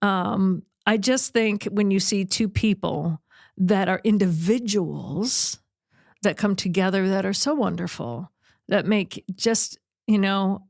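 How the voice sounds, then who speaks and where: Chatty, animated woman host, dry sound. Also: medium pitch, gravelly, no room sound. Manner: animated, chatty storytelling with quick asides. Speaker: radio sports talk host. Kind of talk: casual chat.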